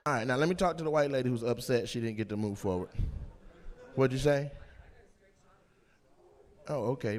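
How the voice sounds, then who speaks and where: Animated teasing stand-up comedian. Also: male voice, mid-range voice, slight background noise. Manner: loud, teasing, quick-jumping between voices. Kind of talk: crowd work at a live comedy show. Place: comedy club stage.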